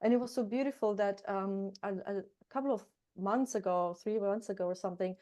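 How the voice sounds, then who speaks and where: A woman guest speaking earnestly and warmly about parenting, telling personal stories in a casual interview. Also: mid-range voice, fairly even intonation, a little fast. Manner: earnest, heartfelt, repeats words for emphasis. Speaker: guest, coach and hypnotherapist. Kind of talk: casual interview talk, storytelling.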